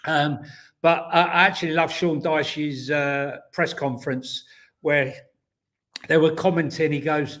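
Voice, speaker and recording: A man co-hosts an easygoing football chat. His voice sits a touch high, and he meanders through his stories, pausing on ums and restarting his sentences. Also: a bit bright. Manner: rambling, hesitant storyteller with many ums. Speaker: co-host.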